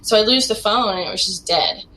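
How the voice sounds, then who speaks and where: A woman calling in to share her true ghost story, speaking in a casual, rambling way full of "like" fillers, with animated bursts as she relives it. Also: a little fast, a little hiss or hum, rough recording. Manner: rambling, heavy use of "like" fillers; animated retelling with bursts of rising pitch. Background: faint music bed.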